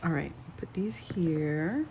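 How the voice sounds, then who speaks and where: A woman's voice: deep voice, animated, slow, warm tone, a little hiss or hum. A woman vlogger gushing over a craft haul in casual chat, a bit out of breath and laughing often.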